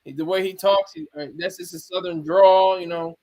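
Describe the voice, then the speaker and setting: Man with a high voice, casual livestream commentary, rambling, chatty with viewers. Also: fairly even intonation, normal speed, darkish tone. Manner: rambling, restarts sentences, talks to chat by name. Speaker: streamer.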